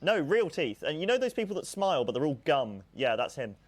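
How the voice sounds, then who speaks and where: A man's voice: a little high, sing-song, fairly quick, a little hiss or hum. A man, a player in a tabletop game, describing his character in a rambling, hesitant way. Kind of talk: casual tabletop role-play chat.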